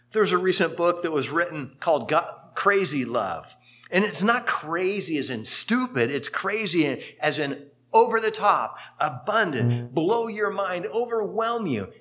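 A man preaching a sermon as pastor, telling stories with sudden lively rises in pitch and volume.

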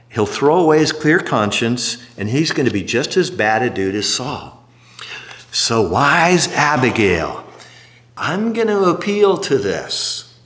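A middle-aged man preaching a sermon, telling a story in an animated way and acting out what people said. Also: mid-range voice. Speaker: pastor.

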